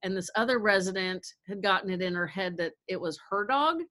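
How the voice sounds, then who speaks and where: A woman's voice: mid-range voice, fairly quick, fairly bright tone. A middle-aged woman telling a caregiving story in casual talk, acting out quotes and laughing often. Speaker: guest caregiver.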